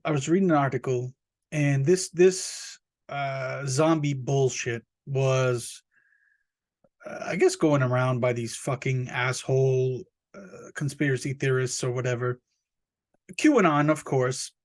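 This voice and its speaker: A man hosting a podcast, talking in a rambling, profane, joking monologue that jumps up high when he plays indignant. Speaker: podcast host. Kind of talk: casual comic podcast monologue.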